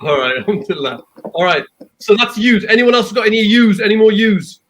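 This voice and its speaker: Upbeat higher-voiced male host. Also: a bit bright. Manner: upbeat, encouraging, quick affirmations. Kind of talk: casual panel chat.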